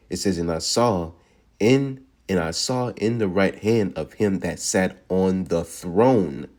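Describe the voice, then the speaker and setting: Deep-voiced man preaching scripture. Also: darkish tone. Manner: reads verses slowly, repeats "all right" between points. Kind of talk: scripture teaching.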